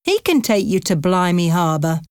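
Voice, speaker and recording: A woman's voice: on the low side, sing-song, normal speed, a little mellow, clear, resonant tone, no room sound, clean studio sound. A woman reading aloud and voicing a friendly, chatty male taxi driver with an Irish accent in an audiobook. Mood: cheerful.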